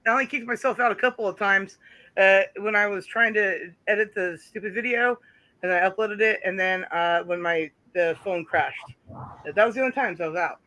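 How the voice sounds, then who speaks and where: A man's voice: high-pitched, normal speed, sharp tone, rough recording. A man chatting casually on a call into a livestream, joking and stammering through restarts. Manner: jokey, giggly, stammering restarts. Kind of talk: casual chat.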